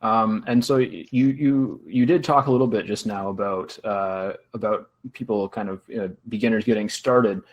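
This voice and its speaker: A man's voice: fairly low pitch, moderate pace, hardly any pauses. A man hosting a podcast interview, asking questions hesitantly with fillers. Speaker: podcast host.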